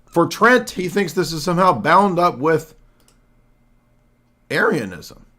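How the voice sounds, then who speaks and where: A man's voice: on the high side, animated, takes it slowly, a bit bright. Sarcastic man hosting a livestream. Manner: combative and sarcastic, clears throat often. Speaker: livestream host. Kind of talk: argumentative solo commentary.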